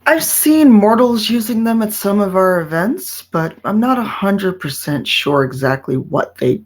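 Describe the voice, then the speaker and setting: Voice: medium pitch, expressive, measured pace. A player speaking in character during a tabletop role-playing game, haughty and languid.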